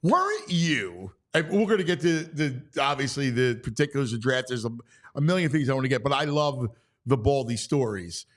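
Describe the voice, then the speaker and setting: A man's voice: medium pitch, big pitch swings, normal speed. A man hosting a casual sports talk show, reacting to a guest's stories with eager enthusiasm. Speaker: host.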